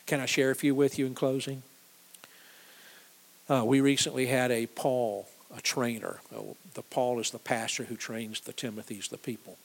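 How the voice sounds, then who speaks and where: Leading audience responses at a church missions talk, this man repeats key phrases emphatically and has listeners echo him back. He's a missions ministry leader with a mid-range, creaky voice, a level tone, and a moderate pace.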